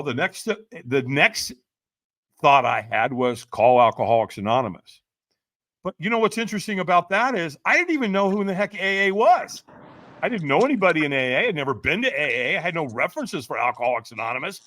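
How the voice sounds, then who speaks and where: Talking a little fast in a mid-range voice, a podcast guest in his sixties recounts his own story in a lively way, performing the different voices. The recording is dry.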